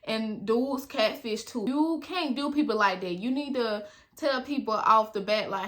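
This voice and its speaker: Brief: young woman vlogger, crisp bright tone, slightly high voice, lively slangy storytelling. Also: moderate pace. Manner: animated, slangy, talks straight to viewers. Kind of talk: casual story time.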